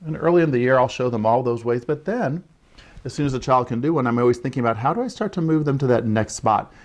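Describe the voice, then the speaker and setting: A man's voice: mid-range voice, lively intonation, fast, a little mellow. Man explaining early writing to parents. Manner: explains with frequent "right?" check-ins and modeled child-directed lines. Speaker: early childhood literacy educator. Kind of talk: instructional talk to parents.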